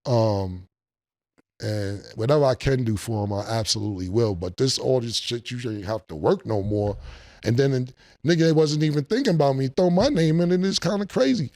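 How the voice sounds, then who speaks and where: A man as a guest in a casual interview, telling animated, streetwise stories and laughing between them. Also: medium pitch, fairly quick, dry recording, clean studio sound.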